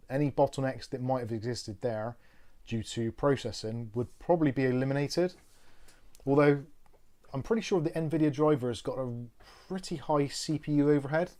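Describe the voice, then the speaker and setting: A man's voice: mid-range voice, a little mellow. A man with a British accent hosting a live tech support stream, chatting casually and thinking aloud with lots of ums. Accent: British English. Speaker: tech support livestream host.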